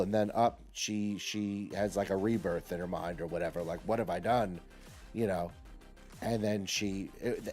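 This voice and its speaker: A man's voice: fairly low pitch, warm tone. A middle-aged man chatting casually while he streams a game as host, often repeating himself and asking "okay?". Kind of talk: casual live gameplay commentary.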